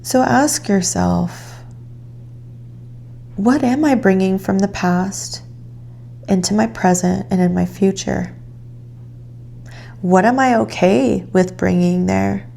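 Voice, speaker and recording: A woman giving a calm, reflective tarot reading, guiding the listener gently. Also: mid-range voice, slow, vocal fry, pauses often, slight background noise. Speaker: tarot reader.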